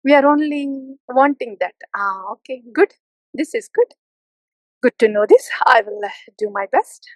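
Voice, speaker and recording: A woman's voice: high voice, measured pace, dry recording, low-quality recording. A woman spiritual teacher giving a devotional talk, playfully mimicking complacent listeners.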